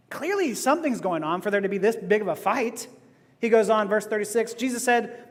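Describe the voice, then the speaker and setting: A man preaching a sermon as pastor, animated and laughing as he goes. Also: high-pitched, brisk, big-room sound. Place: church sanctuary.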